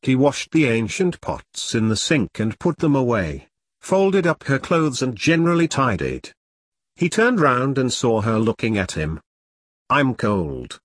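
A man narrating an audiobook in an expressive, measured way. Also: mid-range voice, no room sound.

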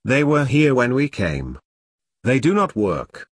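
A young captured soldier translating for his unit, choosing each word with care in stiff, formal, broken English, as a man reads him. The voice sits at an ordinary middle pitch. The recording is dry and close. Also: very animated, slow, slightly rough, dry recording, exaggerated voice. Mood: wary. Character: young male Iraqi soldier interpreter, fearful.

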